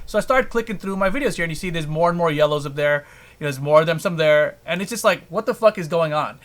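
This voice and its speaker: A man's voice: a little high, expressive, quick pace. A man hosting a casual podcast, ranting about a frustration and swearing heavily. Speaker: podcast host.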